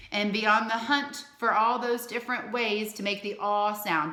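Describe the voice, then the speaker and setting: A woman teaching a recorded phonics lesson to young children, slowly sounding out each word in an encouraging teacher's tone. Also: mid-range voice, sharp tone. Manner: slow, clearly sounded-out words with an encouraging teacher's tone. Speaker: elementary school teacher. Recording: echoey room.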